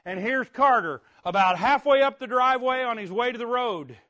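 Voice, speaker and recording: A middle-aged man preaching, telling a story in an animated way with sudden shouts and frequent restarts. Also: extremely high pitch, normal speed. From Indiana. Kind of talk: sermon storytelling.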